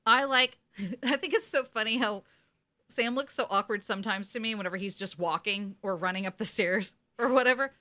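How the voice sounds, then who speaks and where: A woman co-hosting a casual recap podcast, retelling scenes and acting out the characters in quick voices. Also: mid-range voice. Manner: animated, acts out characters in quotes. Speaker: podcast co-host.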